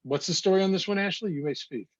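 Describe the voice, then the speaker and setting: A man's voice: sits high, quick pace, dry recording, dull audio. A man, a photographer talking casually through his slides with wry, anecdotal asides. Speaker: photographer presenting his work.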